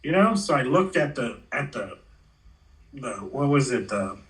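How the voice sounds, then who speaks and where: A man's voice: medium pitch, big pitch swings, measured pace, fairly bright tone, far from the mic, low-quality recording. Laid-back slangy man, a touch off-mic. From Los Angeles area. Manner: laid-back slangy storytelling, acts out quotes. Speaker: guest, former pro skateboarder. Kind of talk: casual storytelling interview.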